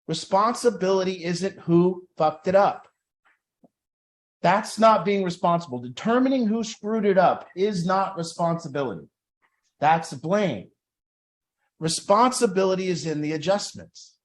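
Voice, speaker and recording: A man's voice: high-pitched, expressive, unhurried, long pauses. A man talking earnestly to a recovery group, acting out people's inner voices as he explains. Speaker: group facilitator. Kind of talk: motivational group talk.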